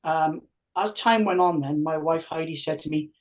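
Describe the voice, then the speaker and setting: A man in his fifties tells stories on a podcast. He talks in an animated way and acts out voices from his past. The sound is muffled and lo-fi. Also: fairly high pitch, moderate pace, distant mic. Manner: animated, acts out quoted dialogue. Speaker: podcast guest, tribute band singer. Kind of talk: casual storytelling. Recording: muffled lo-fi audio.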